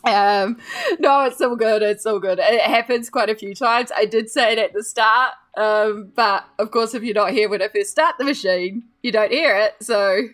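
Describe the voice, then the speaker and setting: A woman's voice: medium pitch, moderate pace, fairly bright tone. A woman, chatting casually with viewers on a live stream while she colours, greeting and thanking them by name. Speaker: art streamer.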